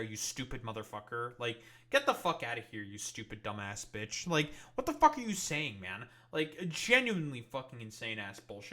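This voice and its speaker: Furious swearing streamer, bright voice. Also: male voice, mid-range voice, sing-song, moderate pace, hardly any pauses. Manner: angry, swearing, many fillers. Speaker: political streamer. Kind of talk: profane reaction commentary.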